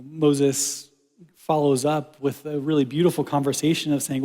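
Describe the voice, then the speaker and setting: A man preaching a conversational sermon as pastor, lively and casual, dropping to soft quiet lines when quoting God. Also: a little high, normal speed. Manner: conversational, animated, drops to soft quiet lines for God's words. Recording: church hall with long reverb.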